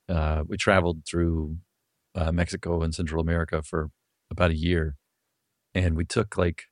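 A man with a Southern US accent, a podcast guest who tells stories in an animated way and laughs as he talks. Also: sits low, no room sound, studio quality. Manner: animated storyteller, laughs through his stories. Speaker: podcast guest, author and comedian. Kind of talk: casual podcast chat.

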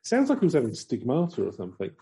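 A man's voice: mid-range voice, wildly swooping pitch, quick pace, mellow, husky. A man co-hosting a podcast with a slight frog in his throat, telling stories in a wry, sardonic way. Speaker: podcast co-host. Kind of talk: casual banter.

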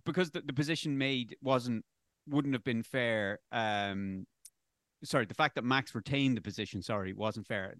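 A man's voice: medium pitch, a bit bright, dry recording. A man chats casually about racing, rambling and opinionated and often stopping to correct himself. His voice sits in a middle range. The recording is dry and close, with no room sound. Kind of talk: casual sports discussion.

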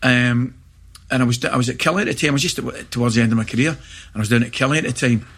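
A middle-aged Scottish man chatting as a guest, spinning animated anecdotes. His voice is bright and forward with a husky edge. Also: mid-range voice, very fast. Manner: animated anecdotes with laughter and acted-out shouts. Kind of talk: storytelling in casual chat.

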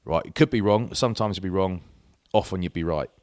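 A man's voice: low voice, a little fast, a little mellow, no room sound, clean studio sound. A middle-aged man in casual chat, telling anecdotes that ramble and restart. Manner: rambling anecdotes with self-interruptions. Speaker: podcast co-host.

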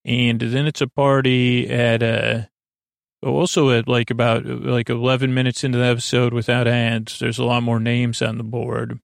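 A man with a gravelly voice drifts through a sleep-podcast recap of a TV episode, full of filler sounds and restarts. His delivery stays flat and even, with little rise or fall. The recording is close and dry. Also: medium pitch, no room sound. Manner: halting and meandering, with many filler sounds and self-corrections.

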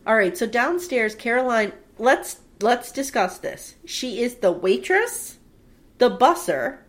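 Woman, podcast co-host, lively swooping voice, fairly high, acts out quotes. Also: takes it slowly. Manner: animated storytelling, acts out quotes, laughs often. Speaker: podcast co-host recapping a TV show. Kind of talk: casual chat.

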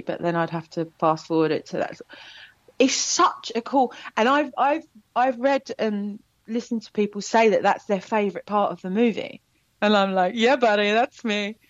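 A woman actor chatting as an interview guest, telling animated stories with laughter. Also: mid-range voice, dry recording, highs cut off. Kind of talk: casual interview chat.

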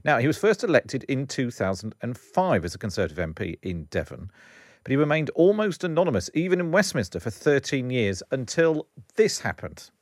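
A man's voice: mid-range voice, very animated, a little fast, no room sound, studio quality. A man from the West Country hosting a podcast, chatty and jokey as he introduces the episode and his guest. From West Country, England. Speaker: podcast host. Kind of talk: conversational podcast presenting.

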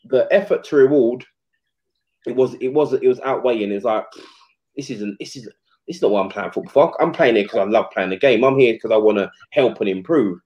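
Animated ex-footballer telling stories. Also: male voice, medium pitch, fairly quick. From England. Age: 40s. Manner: animated, slangy, acts out quotes. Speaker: retired footballer guest. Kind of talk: casual storytelling interview. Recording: slightly muffled podcast audio.

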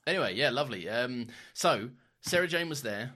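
Bright-voiced man telling rambling stories. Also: mid-range voice, animated, a little fast. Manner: rambling storyteller, laughs often, swears casually. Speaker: podcast co-host. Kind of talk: casual chat.

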